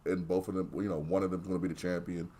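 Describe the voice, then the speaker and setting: A man's voice: deep voice, little pitch movement, fast, dark tone. A man co-hosting a podcast, giving blunt, opinionated takes in casual, profane chat. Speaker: podcast co-host.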